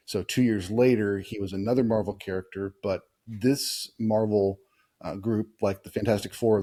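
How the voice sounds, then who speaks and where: A man with a fairly low, warm, mellow voice hosts a relaxed movie chat. He speaks easily, quizzes the kids with questions, and often pauses with "uh" as he thinks. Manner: easygoing, asks kids questions, many "uh" pauses. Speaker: podcast host talking with kids.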